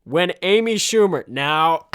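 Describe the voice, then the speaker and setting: A man's voice: on the high side, fairly bright tone. A young man hosting a podcast, riffing in sarcastic, casual comedic commentary and swearing freely. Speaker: podcast host.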